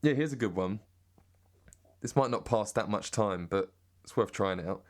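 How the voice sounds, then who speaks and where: An English man in a rambling, sweary deadpan comic monologue. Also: fairly low pitch, normal speed. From Britain. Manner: rambling and sweary, drifting into mock accents. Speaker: comedic monologue host.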